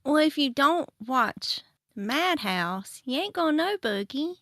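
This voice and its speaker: A woman's voice: sits high, very animated, slow pace, bright, forceful tone, dry recording, clean studio sound. A woman with a Southern Appalachian accent, a podcast co-host chatting easygoing on a livestream. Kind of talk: casual livestream chat.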